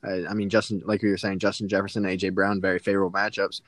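A man's voice: deep voice, level tone, very fast, no echo. A man hosting a casual podcast, methodically walking through rankings and numbers. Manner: methodical, reels off rankings and stats. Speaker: podcast host presenting matchups.

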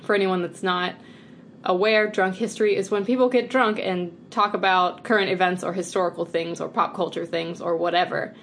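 A woman's voice: on the low side, fairly even intonation, a little fast, slight background noise. A woman co-hosting a podcast in casual chat, rambling cheerfully and laughing often. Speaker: podcast co-host.

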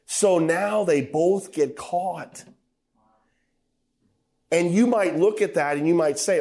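Middle-aged male preacher, storytelling sermon, acts out the quotes, builds to emphatic peaks. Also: slow pace. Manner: storytelling with acted quotes, rising to loud emphatic high passages.

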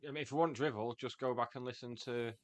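A man co-hosting a podcast, chiming in with quick deadpan quips in casual chat. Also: medium pitch, no echo. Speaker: podcast co-host.

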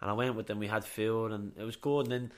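A young Irish man, a boxer, telling stories in a casual interview, chatty and quick to swear. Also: lowish voice, little pitch movement. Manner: rapid, chatty, swears freely, repeats itself. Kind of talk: casual chat, storytelling.

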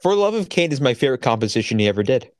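A man's voice: medium pitch, sing-song, rapid-fire. A man co-hosting a podcast in casual chat, enthusiastic and opinionated, with lots of fillers. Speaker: podcast co-host.

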